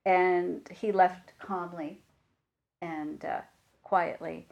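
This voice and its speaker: A woman gives a dharma talk as a meditation teacher, her voice sitting a little low. She speaks reflectively and without hurry. She pauses often and leans on small fillers as she thinks. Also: steady tone, creaky, a little mellow, muffled recording.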